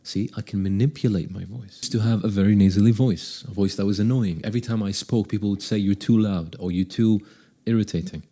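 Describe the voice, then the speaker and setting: A man with a low, mellow, slightly husky voice coaches the listener on how to speak. He talks straight to them and often slows down, speeds up or drops his volume to show what he means. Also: fairly even intonation. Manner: demonstrates voices, shifts pace and volume. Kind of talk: direct-to-camera vocal tips.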